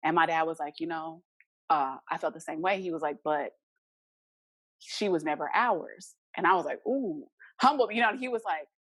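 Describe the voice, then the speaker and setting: A woman's voice: deep voice, moderate pace, a bit bright, dry recording. A young adult woman, a podcast guest, earnestly telling a personal story and acting out the remembered dialogue.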